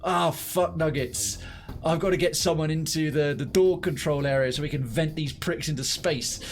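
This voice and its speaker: Male streamer, animated and sweary. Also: a little high, normal speed, slight background noise. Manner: animated, swearing, thinks aloud. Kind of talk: live gameplay commentary.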